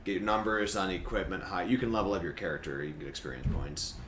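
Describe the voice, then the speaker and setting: A man's voice: low voice, fast talker. A man co-hosting a podcast, chatting casually and animatedly about games and laughing often. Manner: animated storyteller who laughs and puts on silly voices. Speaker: podcast co-host. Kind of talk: casual chat. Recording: roomy echo with faint ambient noise.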